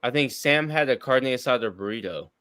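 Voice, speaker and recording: A man's voice: medium pitch, brisk, sharp tone, clear, resonant tone, no echo. Blunt man in his thirties, dry sound. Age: 30s. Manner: blunt, crude, talks over others. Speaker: streamer in group chat. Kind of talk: casual chat.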